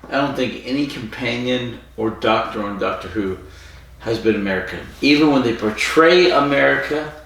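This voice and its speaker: A man's voice: medium pitch, moderate pace, vocal fry, a bit bright. A man co-hosting a casual podcast chat, answering with dry, skeptical pushback. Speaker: podcast co-host. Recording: echoey room, distant mic, faint noise.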